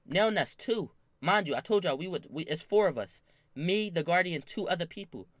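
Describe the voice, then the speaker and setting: A young man casually telling a wild story from his own life, animated and full of slang and swearing. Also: high voice, moderate pace, no room sound, studio quality. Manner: animated, slangy, swears a lot, bursts into loud laughing shouts.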